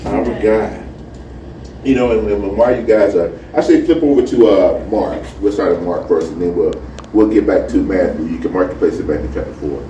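A man's voice: sits low, normal speed, mellow, distant mic, lo-fi sound. A man preaching as a pastor, chatting casually with many fillers before starting his sermon. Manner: chatty, lots of "you know" and "amen". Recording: roomy, from off the mic, faint noise.

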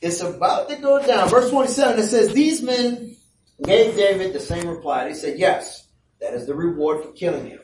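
Guy preaching in a big echoey church, high-ish voice, heard from a ways off, acts out the story. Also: normal speed, a little hiss or hum. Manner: animated storytelling with playful asides. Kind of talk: sermon. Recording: echoey room, voice from a distance.

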